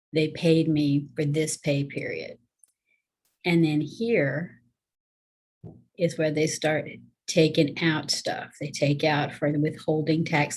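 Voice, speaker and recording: A woman teaches a casual lesson from home. Her low, husky voice moves along in a chatty, folksy way, walking through each idea one step at a time. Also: darkish tone. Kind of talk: casual classroom video lesson.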